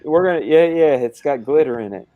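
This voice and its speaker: A man's voice: a little high, animated, fairly quick, dry recording, phone-quality sound. A man hosting a casual live stream, rambling and hesitant with lots of fillers. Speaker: stream host.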